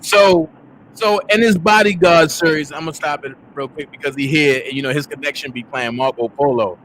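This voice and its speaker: A man hosting a casual livestream, calling out loudly to his viewers in slangy, hyped talk. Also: a little high, a little fast, a little hiss or hum. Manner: loud, hyped, slangy call-outs to viewers. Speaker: livestream host.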